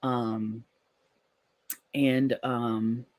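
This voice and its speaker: A live-stream host reading viewer comments aloud in a casual chat and answering gently and supportively, with frequent ums and restarts. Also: mid-range voice, level tone, extremely slow.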